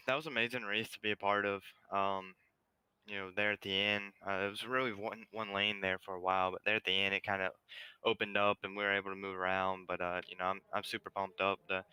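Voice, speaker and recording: A lower-voiced man talks quickly after winning a race, casual and pleased. His voice is very clean and bright, with little rise and fall. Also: clear, resonant tone, no room sound, poor audio. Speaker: sim racing driver, race winner. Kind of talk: post-race interview.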